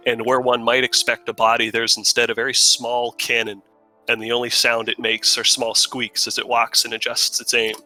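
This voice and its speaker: A man's voice: medium pitch, monotone, moderate pace, bright, forceful tone, soft background music, low-quality recording. A man at a tabletop game, describing his new character in long, vivid detail. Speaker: player.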